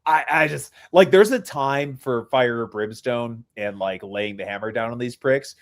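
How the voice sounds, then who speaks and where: A man's voice: medium pitch, normal speed. A man hosting a podcast in casual chat, getting heated and stammering over his words when angry. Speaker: podcast host.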